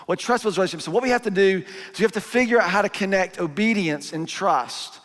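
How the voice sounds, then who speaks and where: Middle-aged male pastor, fairly high voice, chatty sermon in a big reverberant hall. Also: fast talker, a bit bright. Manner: conversational, acts out parents and kids in asides. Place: church auditorium.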